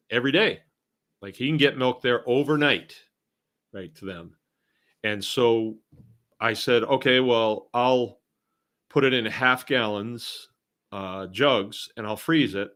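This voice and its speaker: A man's voice: mid-range voice, a bit bright. Middle-aged guy from massachusetts, chatting loose on a live stream, reads comments out, chuckles, rambles on. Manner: rambling, conversational, chuckling asides. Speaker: host. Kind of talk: casual live-stream chat, reading viewer comments.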